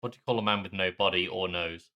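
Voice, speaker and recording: A man's voice: sits low, steady tone, quick pace, highs cut off. A British man co-hosting a podcast in casual chat, with laconic, dry reactions. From Britain. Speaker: podcast co-host.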